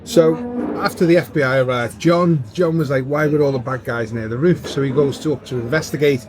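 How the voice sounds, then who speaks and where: Brit guy, podcast co-host, mid-pitched, relaxed plot recap, lots of ums. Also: a little fast, background noise. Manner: easygoing, many fillers, points out plot holes. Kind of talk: casual film chat, recapping the plot.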